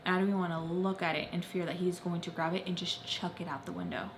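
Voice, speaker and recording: A young woman vlogger telling a personal story, repeating phrases intensely and swinging between loud and soft. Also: on the low side, steady tone, fast talker, creaky, a little hiss or hum. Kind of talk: emotional story-time narration.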